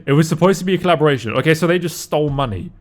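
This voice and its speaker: A young man hosting a reaction video, excitable and sweary, laughing often as he comments. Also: a little high, rapid-fire.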